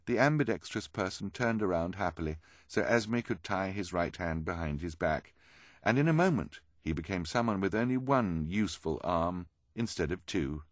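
A man reading a novel aloud as an expressive storyteller. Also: sits low, normal speed, dry recording. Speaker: audiobook narrator. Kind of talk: scripted narration.

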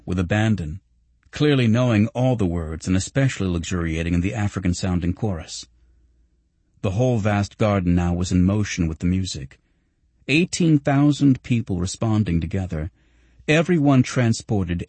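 A male audiobook narrator with a lowish, husky voice. He reads in a measured, reflective way. The sound is close and dry. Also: dark tone, no room sound. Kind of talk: audiobook reading of nonfiction.

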